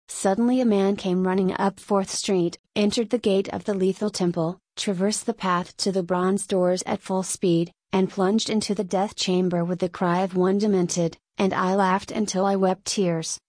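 A woman narrating a dark literary tale in the first person, giving a dramatic reading. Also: mid-range voice, no room sound. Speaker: audiobook narrator.

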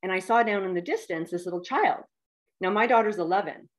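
A woman in her fifties tells a personal story as an interview guest, heartfelt and animated. Her voice sits at a middle pitch, and she leans on fillers as she talks. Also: fairly quick. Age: 50s.

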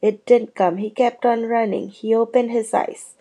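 A woman reading a chapter of a novel aloud in a steady storytelling manner, with small slips and restarts. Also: a little high, normal speed, muffled recording. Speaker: reader.

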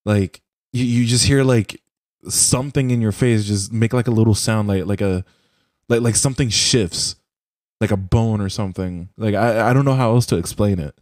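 A man's voice: on the low side, normal speed, darkish tone, no room sound, studio quality. A young man chatting casually on a voice call, telling a profane, rambling story full of "like" and restarts. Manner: rambling, profane, heavy use of "like". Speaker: podcast co-host. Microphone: computer mic on a voice call.

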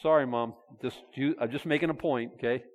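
A man, folksy and animated, acting out Bible figures in quick dialogue. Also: medium pitch, long reverb tail. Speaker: pastor. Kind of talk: conversational sermon.

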